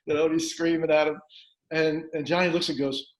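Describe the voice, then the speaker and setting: A man in his sixties tells old team stories with energy, taking on his coach's voice as he goes. His voice sits a little high for a man. The room is echoey around him. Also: fairly quick. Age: 60s. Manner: lively anecdotes, acts out his coach's lines. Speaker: former college lacrosse player. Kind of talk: animated storytelling among teammates. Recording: roomy echo.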